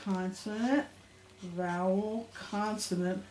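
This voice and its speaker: A woman's voice: mid-range voice, slow, darkish tone. A middle-aged woman teaching young children to read, sounding out letters and words in a patient, sing-song way. She talks unhurriedly. Her voice rings in a roomy space over a faint background hum. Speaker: elementary school teacher. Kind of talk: phonics lesson to young children.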